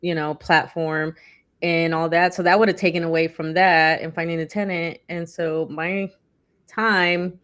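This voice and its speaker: A woman's voice: on the low side, little pitch movement, unhurried, fairly bright tone. A woman co-hosting a casual chat, talking loosely with lots of fillers and acting out quotes animatedly. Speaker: podcast co-host.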